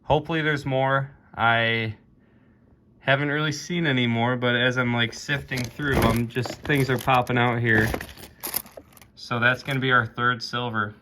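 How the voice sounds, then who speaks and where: A man narrating his own coin hunting video in a casual, excited way, often calling out to viewers as "guys". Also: medium pitch, a little slow, a little hiss or hum. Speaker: coin roll hunting vlogger.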